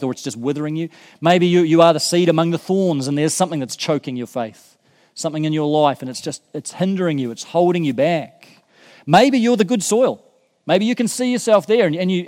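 A man preaching a sermon as pastor, earnest and emphatic, building with excitement at points. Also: fairly high pitch. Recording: long reverb of a hall.

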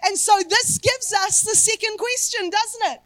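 A woman with a very high voice preaches a sermon, firing rhetorical questions and breaking into shouts for emphasis. The sound is close and dry, with no room around it. She drops to a softer, slower tone when she reads scripture. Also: dry recording.

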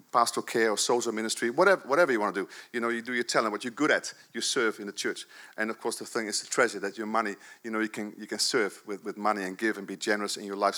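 A man in his fifties, a pastor giving a jokey, animated sermon at a church service, swinging between loud bursts and soft asides. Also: on the low side.

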